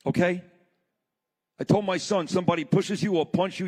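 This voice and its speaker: A man's voice: high voice, steady tone, moderate pace, a little mellow. A man giving a blunt, impassioned speech to a live audience, telling a story from the stage. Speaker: summit speaker. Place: large hall. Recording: long reverb of a large hall.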